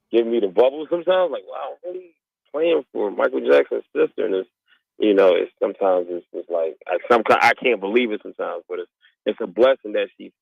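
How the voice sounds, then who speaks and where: A man's voice: on the low side, vocal fry, dry recording. A man, a guest DJ, talking in an easygoing, laid-back way during a radio interview. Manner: relaxed, easygoing, laughs often. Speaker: guest DJ and musician. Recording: phone line.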